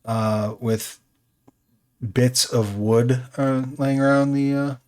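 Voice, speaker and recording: Male player in a tabletop game, casual and hesitant, thinking out loud. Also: medium pitch, steady tone, slow pace. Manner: hesitant, thinking aloud with ums and likes.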